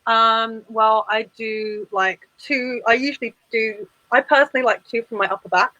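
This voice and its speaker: Bright-voiced woman, chatty guest. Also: on the high side, fairly even intonation, normal speed, no echo, muffled recording. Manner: chatty, frequent fillers and restarts. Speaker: guest performance artist. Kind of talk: casual interview chat.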